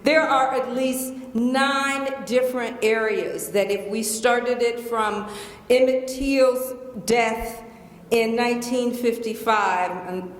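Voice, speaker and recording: Woman, Southern accent, middle-aged, playful and emphatic, slow delivery, echoey hall with long reverb. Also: on the high side, fairly even intonation. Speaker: guest lecturer. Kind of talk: lecture Q&A. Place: large lecture hall.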